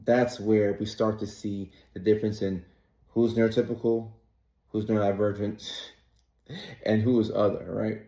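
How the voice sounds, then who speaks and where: A man in his thirties tells a story the way he'd tell it to a friend, relaxed and conversational, with the odd comic aside. His voice sits low and sounds dark and mellow. The room around him gives it a noticeable echo. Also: moderate pace. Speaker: content creator and comedian. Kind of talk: casual direct-to-camera chat.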